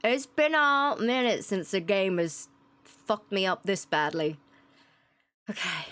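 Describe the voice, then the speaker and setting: A woman's voice: mid-range voice, sing-song, slow, a bit bright. A woman streamer crying while reacting to a game, swearing and laughing through her tears.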